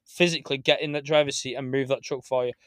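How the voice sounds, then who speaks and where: A man's voice: mid-range voice, fairly even intonation, fast talker, a bit bright, no room sound, clean studio sound. A man, a podcast guest in casual chat, blunt and sweary, laughing along with the host.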